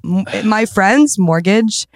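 A young woman telling a long story in casual chat, rambling fast with lots of "like" and swearing. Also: medium pitch, expressive, dry recording, clean studio sound.

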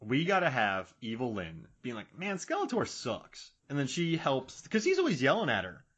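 A man co-hosting a podcast in casual chat, excitable, laughing often and acting out sound effects. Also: medium pitch, normal speed, breathy edge. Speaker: podcast co-host.

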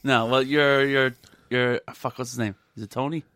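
A man's voice: mid-range voice, steady tone, normal speed, a bit bright, no room sound, clean studio sound. A man in casual chat who laughs a lot and acts out made-up dialogue with plenty of swearing.

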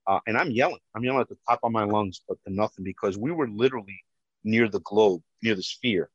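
Loud-voiced man, deep and dry. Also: quick pace, husky, dry recording. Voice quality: big, loud voice. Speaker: police officer telling his story. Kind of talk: personal testimony. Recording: dull, dry lo-fi recording.

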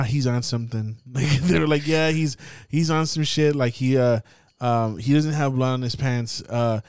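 A young man hosting a podcast, telling a story in a casual, profane, animated way and acting out the scenes. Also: mid-range voice, clear, resonant tone, no room sound, studio quality. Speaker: podcast host. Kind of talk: casual chat.

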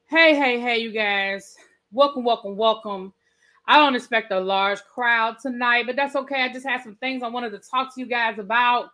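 A woman hosts a casual live stream, talking straight to her viewers and the chat in an animated, chatty way. Her voice sits a little high and rings bright. She sounds close to a home mic. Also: normal speed. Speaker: livestream host.

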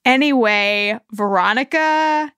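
A woman co-hosts a TV recap podcast, trading dry, sarcastic remarks. Her voice is slightly high, smooth and crisp, and the recording is close and dry. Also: slow, a bit bright, no room sound. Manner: wry, sarcastic quips. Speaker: podcast co-host. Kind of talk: casual TV recap chat.

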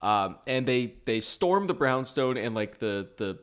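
A man's voice: mid-range voice, animated, unhurried, fairly bright tone, clean tone. A man co-hosting a casual podcast, recapping a TV episode with profane jokes and frequent laughs. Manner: joking, profane, laughs often. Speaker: podcast co-host.

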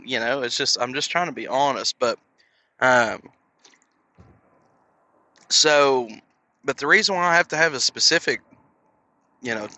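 Speaking into a headset, this man hosts a podcast in a loose, rambling style, poking fun at himself, using lots of fillers and performing the voices of the people in his stories. His medium-pitched voice is bright and forceful, and the recording is dry.

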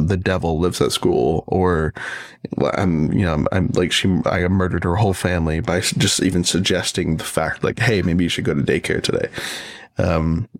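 Man, very low voice, casual rambling monologue, profane, frequent restarts, dry close sound. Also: no echo. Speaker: parent.

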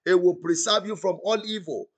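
A man's voice: high-pitched, steady tone, brisk. A male pastor praying fervently, repeating declarations and breaking into tongues during an online broadcast. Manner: fervent, repetitive, chanting, speaks in tongues; commanding calls for audience response. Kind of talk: prophetic prayer on an online broadcast.

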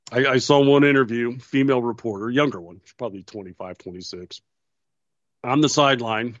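A man's voice: mid-range voice, a little fast, dry recording. A man co-hosting a casual talk show, telling anecdotes and acting out quotes between laughs. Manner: storytelling, quotes others with laughs. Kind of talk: casual chat. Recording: dull, dry lo-fi audio.

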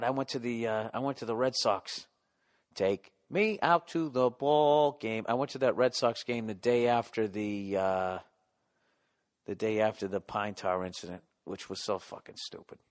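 A middle-aged man with a Boston accent rants through a solo comedy podcast, swearing freely and breaking into yells. His voice sits at an ordinary male pitch. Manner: profane, ranting, yelling at times. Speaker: podcast host.

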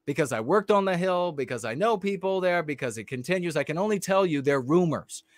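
A man's voice: a little high, expressive, a little fast, dry recording. A man ranting as a political commentator in a livestream. He talks bluntly and heatedly, stopping and restarting often with fillers.

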